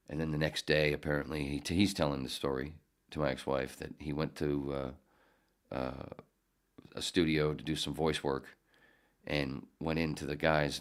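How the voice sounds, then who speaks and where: Brief: man in his fifties, booming extreme-low voice, profane, digressive podcast storyteller. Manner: profane, digressive, self-correcting. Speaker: podcast host, former radio producer. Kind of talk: casual rambling storytelling.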